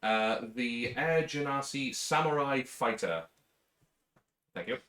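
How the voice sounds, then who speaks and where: A man's voice: medium pitch, expressive, slow, bright, forceful tone. A man playing in a tabletop game, chatting casually with a giggly, teasing manner. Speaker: player. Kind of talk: casual chat among players. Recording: echoey room.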